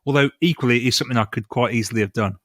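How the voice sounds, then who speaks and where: A man chatting on a podcast in a wry, self-deprecating manner. His voice sits at a middle pitch and the sound is dry and close. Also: racing, a bit bright, no room sound. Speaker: podcast guest. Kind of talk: casual chat.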